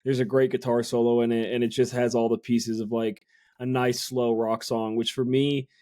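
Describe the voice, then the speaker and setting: A man of middle pitch talks through an album review in a loose, chatty way, circling back on his words. His voice sits close and dry, with no room around it. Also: flat delivery, moderate pace, dark tone, no room sound. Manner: chatty, lots of fillers and self-corrections. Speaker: podcast co-host. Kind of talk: casual music review chat.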